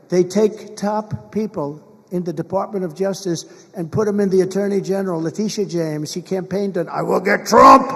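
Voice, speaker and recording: Gravelly older man giving a rally speech. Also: fairly high pitch, mellow. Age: 70s. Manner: rambling, emphatic, repeats phrases. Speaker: political candidate. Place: large rally venue. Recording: long reverb of a big venue.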